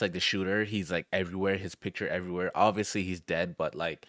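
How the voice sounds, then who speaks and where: A man's voice: low voice, fairly even intonation, quick pace, few pauses, pushed and bright, dry recording, clean studio sound. A young man hosting a music reaction, talking in casual slang and exclaiming in surprise as he listens. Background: song playing.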